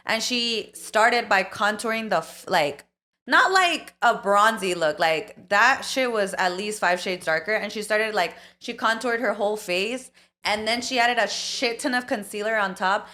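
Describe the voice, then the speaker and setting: A young woman co-hosting a podcast with a bright, forward voice. She talks in loose, animated casual chat, swearing freely and often laughing. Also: mid-range voice, unhurried. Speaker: podcast co-host.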